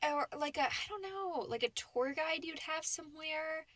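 Brief: woman co-host, higher voice, giggly, close dry mic. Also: normal speed, a bit bright, no room sound. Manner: giggly, gushing, filler-heavy. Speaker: podcast co-host. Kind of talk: casual chat about a reality show.

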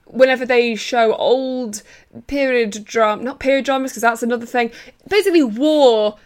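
A woman chatting casually as a podcast co-host, telling animated stories. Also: on the high side, moderate pace. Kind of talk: casual chat.

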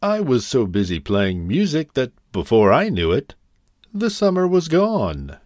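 A man's voice: mid-range voice, wildly swooping pitch, a little slow, a little mellow, dry recording, clean studio sound, pitched above the performer's own voice. A man voicing a playful, lazy male grasshopper in a storybook reading, with a coaxing singsong manner. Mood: complaining.

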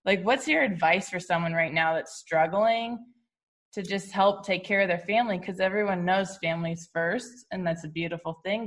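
A woman's voice: fairly low pitch, a bit bright. A woman hosting an interview, asking long, earnest questions. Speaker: host.

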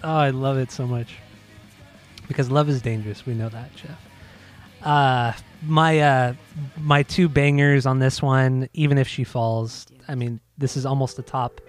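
Over soft background music, a podcast co-host with a mid-range voice chats casually about albums at an unhurried pace and fairly even intonation. He's laid-back, laughs easily, and swears now and then.

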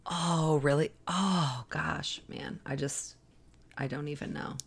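A young woman co-hosting a podcast with a hoarse voice, reacting with lots of laughter while recapping a sitcom episode. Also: sits low, slow pace. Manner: laughs often, animated reactions. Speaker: podcast co-host.

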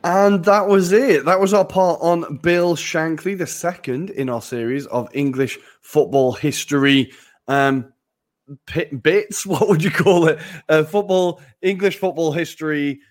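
A man's voice: on the high side, a little slow. A man co-hosting a casual football podcast, laughing often, swearing casually and poking fun at himself. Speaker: podcast co-host.

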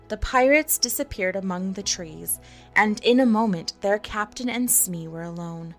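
A woman narrating a storybook in an expressive, measured reading. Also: medium pitch, soft background music.

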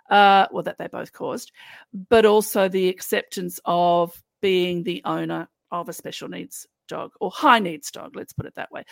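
A woman's voice: mid-range voice, vocal fry, no room sound. An Australian woman co-hosting a podcast, chatting casually and animatedly about a TV show, acting out lines from scenes as she goes. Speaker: podcast co-host. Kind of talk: casual chat.

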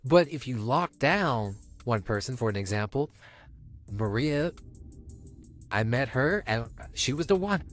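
A young man co-hosting a podcast, speaking frankly and personally about dating in a casual chat. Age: young adult. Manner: frank, personal, lively ups and downs in pitch. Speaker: podcast co-host.

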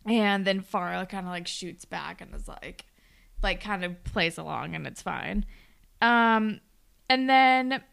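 A woman's voice: mid-range voice, slow pace, creaky, a bit bright, clean tone. A woman chatting casually as a podcast co-host, recapping a show and mimicking characters.

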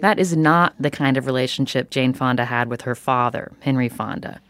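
A woman hosting a podcast, who asks questions and reads measured narration. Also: extremely low pitch, fairly bright tone, smooth. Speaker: podcast host. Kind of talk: interviewing and scripted narration.

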